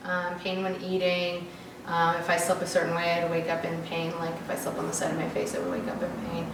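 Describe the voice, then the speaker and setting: Young woman patient from Oklahoma, hesitant and soft-spoken; lowish pitch; distant, echoey, noisy recording. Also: completely flat delivery, a little fast, creaky. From Oklahoma, USA. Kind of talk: casual interview. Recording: roomy, distant mic, audible noise.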